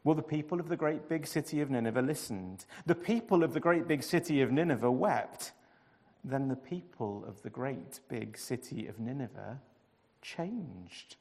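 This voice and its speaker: A man telling a storybook tale in a sing-song way, repeating phrases with dramatic pauses. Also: mid-range voice, a little mellow, in a large hall. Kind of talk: expressive storybook narration.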